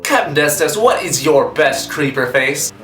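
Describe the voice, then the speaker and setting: Young guy joking around in his vlog, kinda high voice, echoey room, some music faint behind. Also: expressive, a bit bright. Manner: goofy, sarcastic, quick jokes. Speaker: vlogger answering fan questions. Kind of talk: casual comedic vlog.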